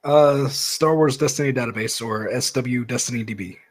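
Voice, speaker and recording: Laid-back, teasing podcast co-host. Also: male voice, mid-range voice, moderate pace. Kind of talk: casual podcast chat.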